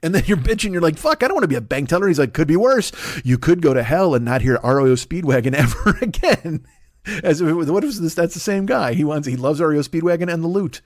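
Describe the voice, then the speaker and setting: Middle-aged male comedian, solo podcast monologue, swooping lively pitch, dry close-mic sound, profane and rambling. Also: fast talker, no echo. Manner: rambling, profane, acts out characters in put-on voices.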